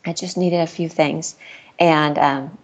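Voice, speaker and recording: A middle-aged woman appears as a podcast guest, telling a personal story candidly and earnestly during casual chat, laughing now and then. Her voice sits low, with fairly even intonation and a slow pace.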